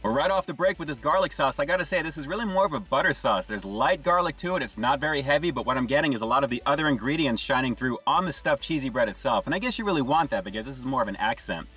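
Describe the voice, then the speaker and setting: A man's voice: mid-range voice, expressive, fast talker, hardly any pauses, bright, forceful tone, husky, recorded from a distance. A man giving an enthusiastic casual food review, chatting to viewers and calling them "guys" as he tastes. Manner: enthusiastic, repeats "guys" and "action".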